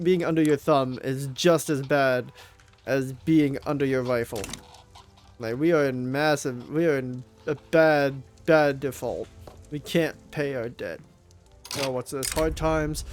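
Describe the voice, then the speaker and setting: A man's voice: on the high side, fairly even intonation, normal speed, soft background music. A young man commenting on his strategy game, groaning, swearing and pleading at it as things go wrong. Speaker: gameplay commentator.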